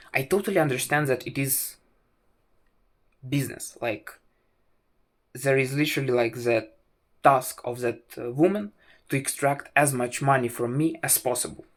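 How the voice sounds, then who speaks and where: A man tells a wry, self-mocking story to camera, stopping often on "uh" and restarting his sentences. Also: medium pitch. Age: 20s. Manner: halting, full of "uh" fillers and restarts. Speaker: vlogger.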